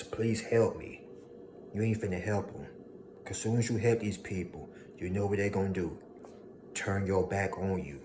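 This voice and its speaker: A man delivers an emphatic motivational monologue, hammering home his points by repetition. His voice sits low and deep. A steady hiss of background noise runs under it. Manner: preachy, emphatic, repeats lines for effect, mocking voices of haters. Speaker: motivational speaker.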